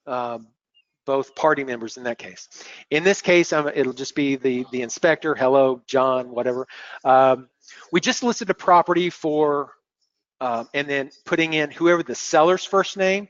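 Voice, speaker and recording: A man presenting a software demo on a screen-share webinar, explaining step by step in a relaxed way and often repeating words as he clicks. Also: a little high, a little slow, no room sound. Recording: dull lo-fi webinar audio.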